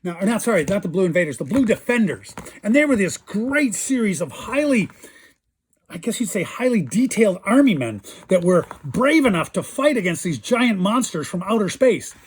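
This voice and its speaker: A man's voice: high-pitched, big pitch swings, normal speed, slight background noise. A man hosting a casual show-and-tell about old toys, chatty and enthusiastic. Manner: enthusiastic, chatty, imitates toy sounds. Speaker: toy collector host.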